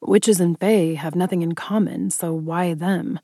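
Woman reading a young man, storybook, blunt, flat delivery, low, mellow. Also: measured pace, dry recording, clean studio sound. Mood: puzzled.

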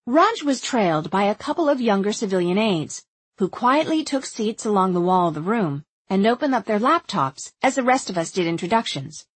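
A woman's voice: mid-range voice, sing-song, normal speed, husky, no echo. A woman reading a first-person story aloud in scripted narration, wry and observant in tone. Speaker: audiobook narrator.

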